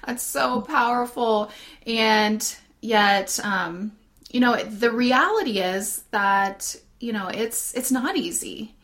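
A woman's voice: mid-range voice, slow pace, fairly bright tone. A woman hosting a faith talk show, affirming and encouraging as she interviews a guest. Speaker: host.

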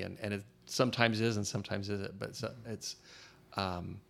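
A man hosting a relaxed interview, his voice low and full of gravelly fry. He talks thoughtfully and haltingly, pausing with fillers as he works out each idea. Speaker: podcast host interviewer. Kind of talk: casual conversational interview.

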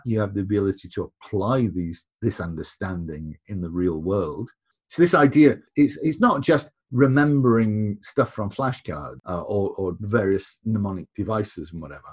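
A low-pitched man talking as a podcast guest. He is emphatic and conversational, often repeating words as he stresses his point. His voice sits on the deeper side. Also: animated, normal speed, husky. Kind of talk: casual conversation.

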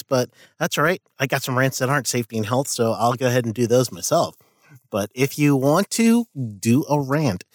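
A man's voice: medium pitch, fairly bright tone, no echo. Male guest host, loose and profane, ranting straight into a dry mic. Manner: blunt, profane, laughing asides. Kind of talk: casual podcast monologue and rant.

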